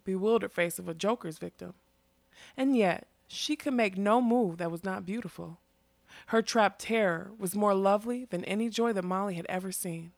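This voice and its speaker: A woman narrating a fantasy story in a steady, expressive reading. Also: mid-range voice, dry recording. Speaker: audiobook narrator.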